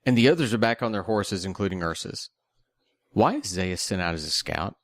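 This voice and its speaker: Male co-host with a somewhat low voice and a dry sound; casual, questioning film talk. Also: lively intonation, brisk, dry recording. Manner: questioning, skeptical. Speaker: podcast co-host. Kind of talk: casual movie discussion.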